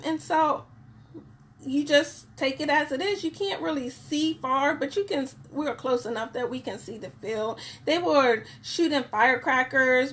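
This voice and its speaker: A woman's voice: high voice, a bit bright. A woman hosting a weekly motivational live broadcast, cheerful and chatty, who often repeats words for emphasis. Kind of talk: upbeat live-stream motivational talk.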